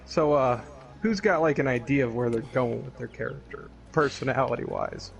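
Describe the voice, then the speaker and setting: A man's voice: mid-range voice, moderate pace, vocal fry, soft background music. A young man, likely the game master, chatting casually and jokingly with fellow tabletop players, full of fillers.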